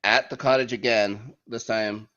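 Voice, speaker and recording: Lively male podcast host, low voice, casual jokey delivery, muffled recording. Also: unhurried. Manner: lively, jokey, reads out fixtures. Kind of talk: casual sports chat. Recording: muffled lo-fi audio.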